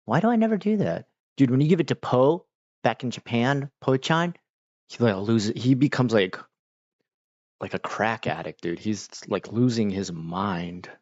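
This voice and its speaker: A man hosting a casual livestream, talking to chat in a relaxed, rambling way with many fillers. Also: lowish voice, a little slow, no echo. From United States. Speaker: livestream host. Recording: dull, dry mic sound.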